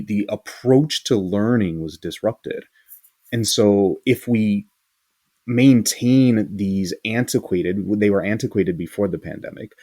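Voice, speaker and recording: A man hosting an interview talks in a low, mellow voice, recorded dry and close. He is earnest and thoughtful, and often restarts a phrase as he works through his ideas. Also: slightly rough, no room sound. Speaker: interview host, school leader. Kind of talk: casual interview talk.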